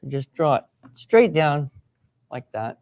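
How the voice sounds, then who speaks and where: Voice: medium pitch, very animated, slow, darkish tone. A writing teacher leading a live classroom workshop, encouraging students and giving step-by-step directions. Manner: acts out sample voices for students.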